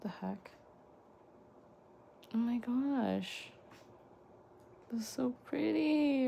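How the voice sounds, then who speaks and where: Young woman, excitable gushing unboxing chat, unhurried, gravelly fry, faint hiss behind. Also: fairly high pitch. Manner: gushing, excitable, lots of gasps and exclamations. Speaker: vlogger unboxing fan merchandise.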